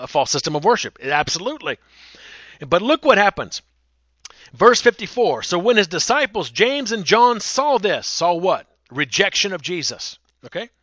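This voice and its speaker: A man's voice: fairly high pitch, fairly bright tone, no echo, dull audio. A man preaching a sermon, emphatic and direct, often repeating words and acting out quoted speech.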